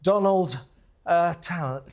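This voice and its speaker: Man, talk show host, slightly high voice, casual chat, halting, many fillers. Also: darkish tone. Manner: chatty storyteller, halting with fillers and restarts.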